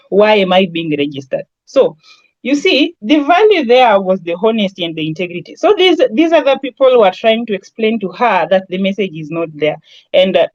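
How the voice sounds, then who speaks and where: A branding trainer with a Kenyan accent gives a lecture in a conversational style, packed with everyday examples and Swahili asides. Her mid-range voice is a little mellow, and the recording is muffled but has no echo.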